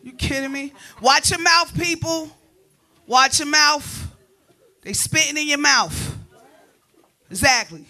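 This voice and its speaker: A woman performing stand-up comedy on a club stage, telling animated stories that break into shrieks and laughter. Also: high voice, slow, pauses often.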